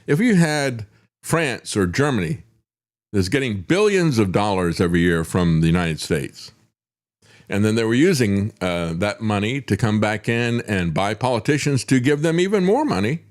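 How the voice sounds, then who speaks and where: Low-voiced older man, lively political rant. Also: normal speed. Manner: chuckles through sarcastic asides, many "uh" fillers. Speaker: talk show host. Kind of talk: opinionated political commentary monologue.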